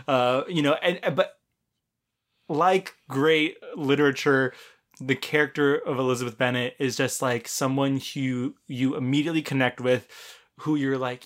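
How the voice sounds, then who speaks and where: A man's voice: medium pitch, normal speed, a bit bright. A man co-hosting a podcast, chatting casually and enthusiastically about films, rambling and swearing. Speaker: podcast co-host. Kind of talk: casual film chat.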